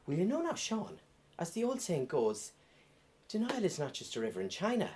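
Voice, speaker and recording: A man's voice: fairly high pitch, huge pitch swings, moderate pace, a little mellow, a little hiss or hum, pitched above the performer's own voice. A man voicing his fussy older mother, prim and fond of old sayings.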